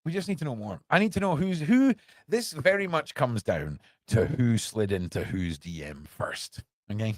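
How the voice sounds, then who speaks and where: An animated British man hosts a casual news podcast from a small room under his stairs. He rambles and keeps asking listeners if they agree, in a mid-pitched voice. The sound is close and dry. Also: normal speed, no room sound. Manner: animated and rambling, full of rhetorical questions. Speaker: podcast host.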